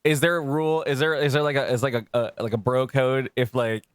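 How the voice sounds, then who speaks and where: A man co-hosting a casual podcast, joking around, laughing often and acting out quoted people in goofy high voices. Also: little pitch movement, fairly quick, clean tone, no room sound. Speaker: podcast co-host.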